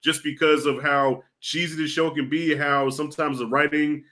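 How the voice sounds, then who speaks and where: Emphatic, bright-voiced man. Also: a little high, normal speed. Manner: animated, emphatic storyteller with lots of repeats; openly sentimental. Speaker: guest, fellow YouTuber. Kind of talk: casual pop-culture podcast chat.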